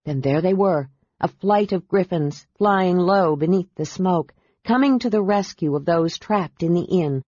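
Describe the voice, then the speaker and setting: Woman narrator, fantasy audiobook, measured reading, dry, muffled lo-fi. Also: on the low side, dark tone, husky, no room sound. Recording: dull dry audiobook recording.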